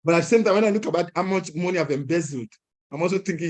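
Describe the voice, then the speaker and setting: A young man speaking at an entrepreneurs' event, telling a personal story in a lively way, chuckling and acting out other people's lines. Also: high-pitched, fast talker. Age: young adult.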